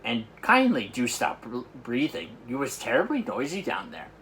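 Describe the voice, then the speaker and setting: A man performs a gigantic old friendly giant from a storybook, excitable and loud. His pitch swings widely as he blurts out jumbled grammar and made-up words. A faint hiss sits under the voice. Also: normal speed. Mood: hushed.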